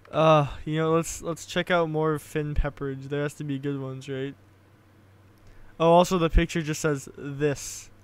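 A man's voice: on the high side, fairly even intonation, unhurried, long pauses, clear, resonant tone. A young man making a casual comedic vlog and reading his own writing aloud, giggling at himself often. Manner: giggly, self-amused, restarts.

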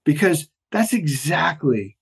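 Guy telling a story on a podcast, does the voices, kinda high voice. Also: slow pace, gravelly, slightly rough. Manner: animated storyteller, acts out quoted voices. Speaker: podcast guest, former Navy SEAL. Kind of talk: storytelling interview talk.

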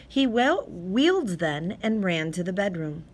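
A woman reading a short story aloud as an audiobook narrator, measured and steady. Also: on the low side. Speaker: audiobook reader. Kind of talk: scripted narration.

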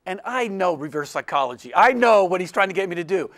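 A fast-talking man with a high voice, an illustration professor, delivers a personal story during a lecture to students, performing the voices of those involved with self-deprecating gusto.

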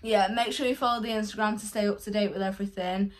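A woman's voice: medium pitch, steady tone, fast talker, slight background noise. Tipsy woman vlogging with hiccups. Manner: rambling, repeats herself. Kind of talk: casual vlog chat.

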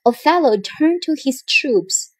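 A woman narrating a children's storybook in a slow, clear reading style. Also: sits high, animated, no echo.

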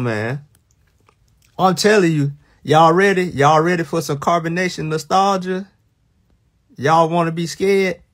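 Teasing man chatting with his stream. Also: on the high side. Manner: teasing, animated, drawn-out bursts of mock alarm. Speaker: livestream host. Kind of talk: casual livestream chat with viewers.

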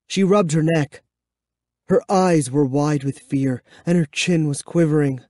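A man reading a children's horror book aloud, giving expressive, measured first-person storytelling. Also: fairly high pitch, no echo, clean studio sound. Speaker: audiobook reader. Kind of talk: dramatic audiobook narration.

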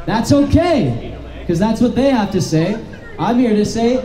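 High-voiced man declaiming at a rally. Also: animated, measured pace, echoey room, a crowd in the background, poor audio. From Canada. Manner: declamatory, repetitive slogans, rising to shouts. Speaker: rally speaker. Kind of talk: impassioned outdoor rally speech. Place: street protest outdoors in the rain.

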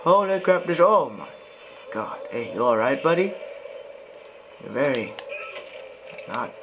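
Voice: mid-range voice, sing-song, slow pace, background noise. A gamer giving let's play commentary, jumpy, yelping and pleading, and muttering to themselves in between.

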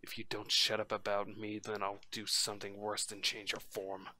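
A man reading the part of a menacing male flame spirit in a story game, a bit lower and quieter than his usual voice. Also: monotone, moderate pace. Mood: threatening.

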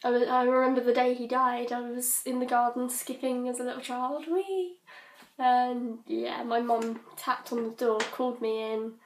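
A British teenage girl rambling casually in her bedroom, scattered and quick to giggle. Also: fairly high pitch, completely flat delivery. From Britain. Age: teens. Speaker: vlogger. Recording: roomy bedroom echo.

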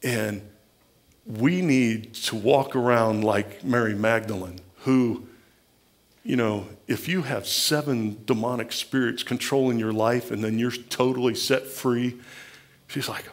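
Gravelly Midwestern pastor preaching. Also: male voice, mid-range voice, unhurried. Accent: Midwestern American. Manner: conversational, acts out quoted voices. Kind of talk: sermon.

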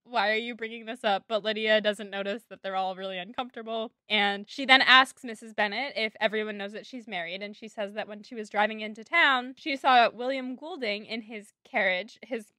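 A young adult woman co-hosting a casual book podcast, recapping the plot briskly and laughing easily. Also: medium pitch, bright, forceful tone, no room sound, clean studio sound. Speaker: podcast co-host.

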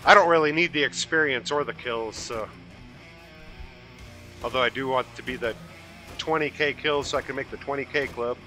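A man hosting a relaxed gaming session, chatting casually with his co-player. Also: mid-range voice, normal speed, pauses often. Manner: relaxed, talkative. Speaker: host. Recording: light background metal music.

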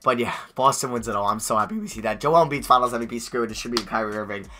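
A young man giving live commentary on a basketball video game, excitable, swinging from quiet muttering to loud yells. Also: mid-range voice, rapid-fire, a little hiss or hum. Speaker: gaming YouTuber.

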